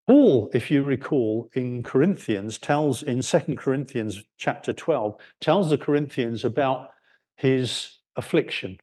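A man preaching a sermon, explaining scripture in an unhurried way and lifting his voice on key words. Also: medium pitch, mellow, breathy edge. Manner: unhurried expository preaching, rising for emphasis.

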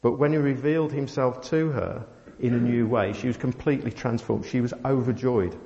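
A man preaching a sermon, telling a family story with many pauses and fillers. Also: medium pitch, steady tone, vocal fry, dark tone. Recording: dull sound in a long-reverb hall.

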